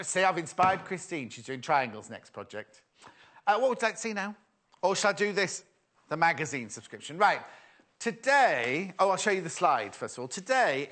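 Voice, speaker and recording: A man's voice: high voice, sing-song, moderate pace, a bit bright. A man hosting a live shopping show, chatty and self-mocking, often giggling at his own jokes. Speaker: shopping channel presenter. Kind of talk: live TV sales chat.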